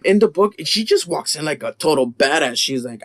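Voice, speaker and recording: A man's voice: fairly high pitch, fast talker, few pauses. A man guest-hosting a podcast, casually retelling a story with lots of swearing and ranting. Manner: animated storyteller, swears and rants.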